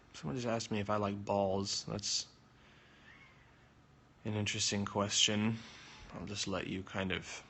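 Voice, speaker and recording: A young man chatting casually on a phone livestream, answering viewer comments with jokes and sudden jumps in pitch. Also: pushed and bright, a little hiss or hum.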